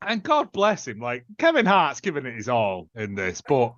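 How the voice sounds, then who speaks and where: Lively man, sarcastic film chat. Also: mid-range voice, moderate pace, dry recording. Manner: sarcastic, jokey, animated storytelling. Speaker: podcast host. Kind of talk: casual film review chat. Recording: dull lo-fi sound, dry.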